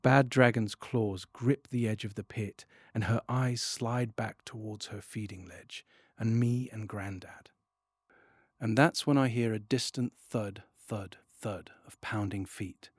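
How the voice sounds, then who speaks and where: Low husky male storybook narrator. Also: slow pace, no room sound, clean studio sound. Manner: expressive, dropping to a hush at tense moments. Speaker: audiobook narrator. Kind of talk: first-person storybook narration.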